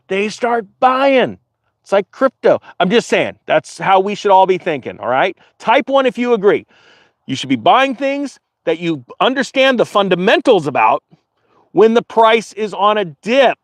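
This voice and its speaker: A man's voice: sits high, no echo. A man hosting a finance channel, reading an article aloud and making casual, digressive, joking comments to viewers. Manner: animated, digressive, jokey asides to viewers.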